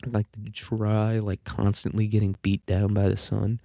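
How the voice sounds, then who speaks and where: Man, podcast host, very dark mellow voice, lowish pitch, dry close sound, rambling offhand chat. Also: level tone, a little slow, vocal fry, dry recording. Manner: rambling and offhand, crude jokes, frequent fillers and restarts. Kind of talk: casual solo podcast monologue.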